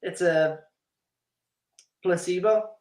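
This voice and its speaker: A young man joining a late-night video chat as a guest, sleepy and low-key. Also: takes it slowly, darkish tone, reverberant. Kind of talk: casual chat.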